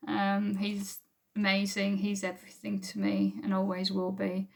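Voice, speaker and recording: Woman, church testimony to camera, gravelly, monotone, earnest and rambling. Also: medium pitch, measured pace. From England. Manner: earnest, rambling, with frequent ums. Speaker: church member giving testimony. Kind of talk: unrehearsed personal testimony to camera. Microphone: camera recording at home.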